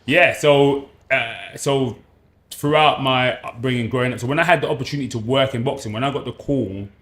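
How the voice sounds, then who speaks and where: A man's voice: medium pitch, brisk, fairly bright tone. A man in his thirties with a London accent, a sports presenter chatting as a podcast guest in a laid-back, slangy way, repeating phrases as he thinks. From South London, England. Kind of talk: casual podcast chat.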